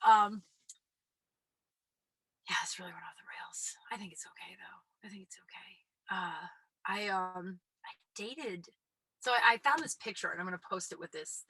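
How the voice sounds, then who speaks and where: A woman in her thirties with a deep voice, hosting a solo podcast in candid, rambling, sweary chat that often sinks to a whisper. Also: bright, forceful tone, no room sound, poor audio. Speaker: podcast host.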